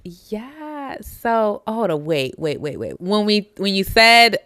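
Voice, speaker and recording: A woman co-hosting a casual chat that recaps a reality show, expressive and quick to laugh, acting out quotes as she goes. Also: mid-range voice, dry recording, studio quality. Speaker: podcast co-host.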